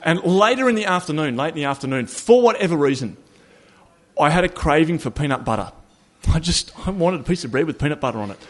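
A man telling a personal story about a long walk in a relaxed, conversational way, with wry humor and small self-corrections. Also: a little high, fast. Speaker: speaker recounting a long walk.

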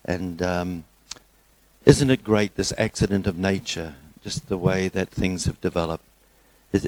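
A middle-aged man preaching a sermon, telling a joke story in a relaxed way before turning earnest. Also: lowish voice, no echo, rough recording.

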